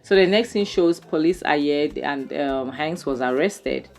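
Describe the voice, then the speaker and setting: A woman's voice: deep voice, darkish tone, faint music behind. A woman recapping a film episode in casual commentary. She sounds exasperated and fills her talk with "you know" and "um". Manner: exasperated, talks fast with many fillers and "you know". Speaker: movie reviewer.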